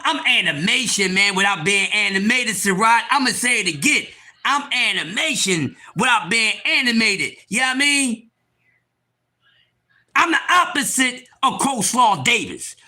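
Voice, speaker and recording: High, cartoonish man shouting. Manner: loud, preachy, often shouting. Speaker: live stream host. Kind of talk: animated livestream talk.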